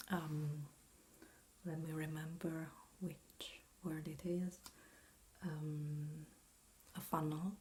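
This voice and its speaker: A woman with an Italian accent whispers her way through a language lesson in a slow, patient ASMR role-play. Her low, breathy, mellow whisper lingers on each word and invites you to repeat after her. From Italy. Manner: slow, patient whispered teaching, drawing out words for the listener to repeat.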